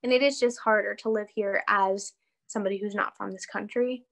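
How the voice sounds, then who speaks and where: A woman's voice: mid-range voice, steady tone, brisk, gravelly, fairly bright tone. A young American woman, a dancer, chatting casually in an interview over a video call, laughing often and full of "like" and "you know". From United States. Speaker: guest, dancer.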